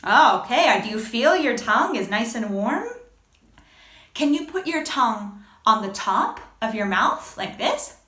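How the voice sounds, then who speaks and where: A woman teaching a children's phonics lesson, speaking slowly and exaggerating each sound for young learners. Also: fairly high pitch, echoey room. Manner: slow, expressive, exaggerated sounds.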